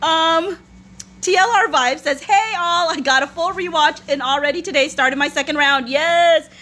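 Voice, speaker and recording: A woman's voice: high voice, normal speed, pushed and bright. A woman hosting a casual live stream from her phone, laughing to tears while reading viewer comments aloud. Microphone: phone front camera.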